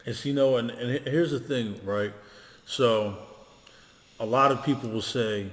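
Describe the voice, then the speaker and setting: A man in his thirties chatting casually as a podcast co-host, relaxed and laughing, with loose profanity. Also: medium pitch, moderate pace. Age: 30s. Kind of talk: casual chat. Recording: echoey room with long reverb.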